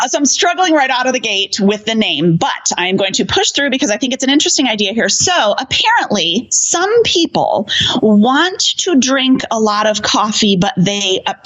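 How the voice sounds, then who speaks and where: Animated woman co-host, playful and wordy. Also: a little high, highs cut off. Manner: playful, wordy, reads out news items. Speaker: podcast co-host. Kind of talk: casual chat.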